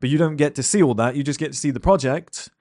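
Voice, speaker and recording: A man's voice: on the high side, fast talker, warm tone, no echo, studio quality. A young man talking bluntly at his desk, swearing and rambling with lots of fillers and rhetorical questions. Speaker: entrepreneur talking to camera. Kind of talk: casual monologue.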